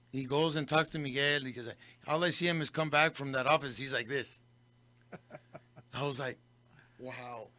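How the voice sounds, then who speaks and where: A fairly high, bright man's voice, swapping between English and Spanish as he tells a story on air. The sound is close and dry, with no room around it. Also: dry recording. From Del Rio, Texas. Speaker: radio host. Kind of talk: casual radio talk.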